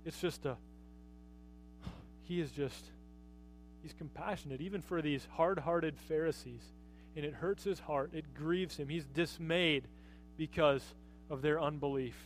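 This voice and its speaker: A man's voice: on the high side, a little slow, long pauses, soft background music. A man preaching a conversational sermon as pastor, often asking his listeners rhetorical questions.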